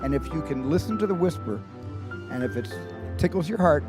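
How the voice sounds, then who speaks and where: A man's voice: a little high, lively intonation, a little fast. A man, a film director, talking thoughtfully in an interview with stammering restarts. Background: music.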